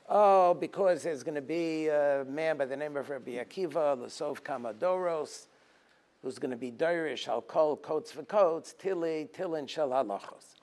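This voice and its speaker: A rabbi giving a teaching talk, telling stories and acting out their dialogue, sometimes rising to forceful emphasis and then dropping low. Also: male voice, gravelly. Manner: storytelling, acting out dialogue in a lively voice. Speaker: rabbi and lecturer. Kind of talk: Tisha B'Av teaching talk.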